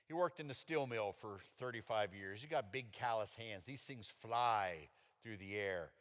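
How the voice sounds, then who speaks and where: A man giving a testimony sermon, telling his story with lively acted-out quotes. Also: a little slow. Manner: animated storytelling with high-pitched acted-out quotes. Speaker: preacher. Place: church hall. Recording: long reverb of a church hall.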